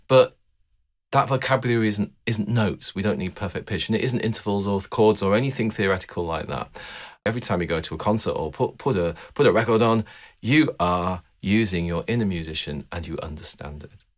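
Low-voiced man explaining music. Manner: thoughtful, restarts often, rhetorical questions. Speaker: music teacher. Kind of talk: explanatory talk to camera.

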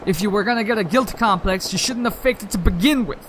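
A man voicing a blunt, cocky gangster in a video game, dropping his voice low with a drawl. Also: fast, fairly bright tone, a little hiss or hum. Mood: lecturing.

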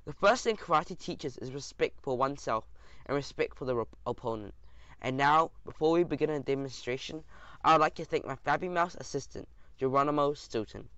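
A man voicing a brash, bossy male mouse karate champion in an audiobook, speaking in a brisk, commanding way. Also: fairly high pitch, a bit bright, dry recording, highs cut off. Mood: formal.

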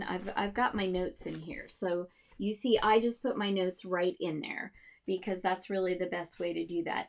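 A woman music teacher explaining how to teach music with storybooks, demonstrating sounds and voices for her students. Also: mid-range voice.

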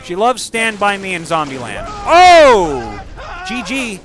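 Guy doing lets play commentary, high bright voice, swears a lot, gets loud n excited. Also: takes it slowly. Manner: excitable, profane, yelling at enemies. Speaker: gamer commentator. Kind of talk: casual gameplay commentary.

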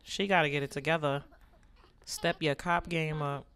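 A woman with a slightly low voice gives a sassy, joking running commentary as she plays a life-simulation game. She teases the characters constantly, with the easy chatter of a gaming channel host. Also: fairly even intonation, normal speed, a bit bright, slight background noise. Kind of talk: let's play commentary.

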